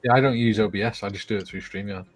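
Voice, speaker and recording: A man's voice: on the low side, steady tone, rapid-fire, over loud music. A man hosting a casual live chat, joking and bantering with his guests. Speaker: channel host. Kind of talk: casual chat while building dioramas.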